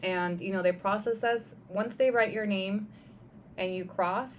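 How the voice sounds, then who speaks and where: On a live stream, a young woman tells a personal story in a casual, animated way, sprinkling in lots of "like" and "right?" plus the occasional swear word. Her medium-pitched voice is unhurried, with a little hiss or hum in the background.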